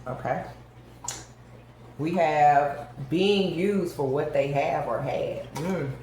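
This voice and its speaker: A woman's voice: sits low, takes it slowly, mellow, a little hiss or hum. A woman giving a tarot reading to her viewers, talking emphatically and addressing them directly. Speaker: tarot reader. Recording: very echoey room.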